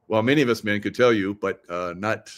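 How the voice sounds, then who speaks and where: A middle-aged man hosting a live chat to viewers, rambling and conspiratorial, laughing often as he talks. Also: on the low side. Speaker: livestream host. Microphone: computer mic, screen sharing.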